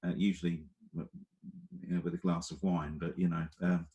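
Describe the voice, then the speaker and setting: A man hosting a conversational interview, talking in a relaxed way with some hesitant restarts. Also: deep voice, moderate pace, muffled recording. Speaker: interview host.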